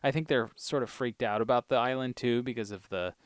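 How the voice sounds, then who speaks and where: A man co-hosting a podcast, casually recapping TV episodes in a relaxed, rambling way with plenty of ums and uhs. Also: medium pitch, fairly quick, no room sound. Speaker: podcast co-host.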